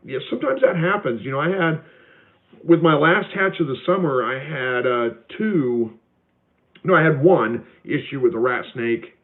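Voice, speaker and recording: Guy on a livestream reading comments, laid back, lots of ums, sounds like a tinny phone. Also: mid-range voice. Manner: relaxed, chatty, many fillers and restarts. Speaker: homestead livestream host. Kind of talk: casual live Q&A reading viewer comments.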